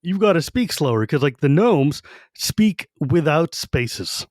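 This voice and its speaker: An animated podcast co-host, a man who breaks into little voices as he talks through a fantasy novel. His voice sits a touch high. The recording is dry and close, with no room sound. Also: takes it slowly, dry recording. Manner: animated, acts out quotes. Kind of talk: casual book discussion.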